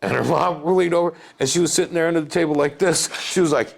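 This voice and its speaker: A man telling family stories in a casual chat, animated, acting out his kids' lines and often calling the listener "bro.". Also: on the high side, quick pace, gravelly, few pauses. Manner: animated, swears, says "bro" a lot. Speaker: podcast guest. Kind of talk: casual storytelling.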